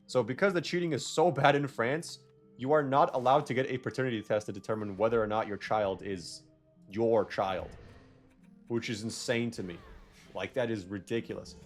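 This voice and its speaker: A man's voice: mid-range voice, normal speed, faint music behind. A young man giving casual, rambling gameplay commentary, correcting himself and drifting into jokey rants. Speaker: gaming video creator.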